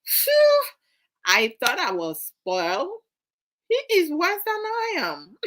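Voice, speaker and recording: A woman's voice: lowish voice, a bit bright. A woman with a Ghanaian accent hosting a casual live-stream chat, playful and chatty, reading out viewer comments and mixing in Twi phrases. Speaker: host.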